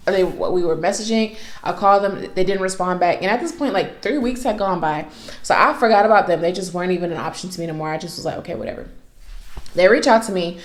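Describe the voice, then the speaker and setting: Young woman vlogger, candid faith testimony, slightly low voice, roomy echo. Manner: candid, conversational, with spiritual asides. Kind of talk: casual testimony storytelling. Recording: echoey room.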